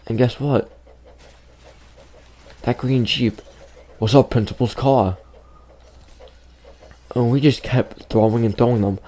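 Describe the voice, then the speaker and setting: A man's voice: mid-range voice, steady tone, takes it slowly, long pauses, dark tone. A man casually telling a childhood story to his viewers in a loose, rambling way, leaning on "like" and "you know.".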